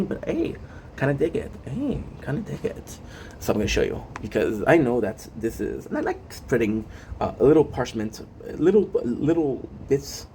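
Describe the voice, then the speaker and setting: A man's voice: medium pitch, a little mellow, slight background noise. A man streaming live, rambling casually to his chat with lots of fillers and asides.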